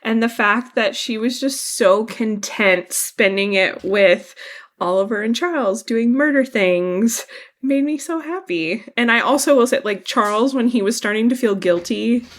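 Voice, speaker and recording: A woman's voice: fairly high pitch, unhurried. A woman co-hosting a podcast, chatting casually and earnestly about a TV episode, thinking aloud as she goes. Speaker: podcast co-host. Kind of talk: casual TV review chat.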